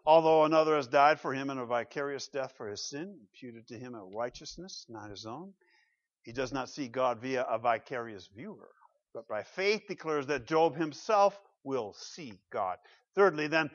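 A man preaching a sermon in a church, swinging from loud emphatic declarations to low asides and asking the congregation rhetorical questions. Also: moderate pace, no room sound, muffled recording. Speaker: pastor.

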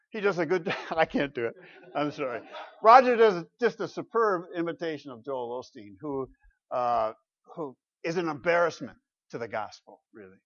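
Emphatic pastor preaching, muffled recording. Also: male voice, on the high side, fairly bright tone. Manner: emphatic, conversational, pulls congregation in with asides. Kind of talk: sermon.

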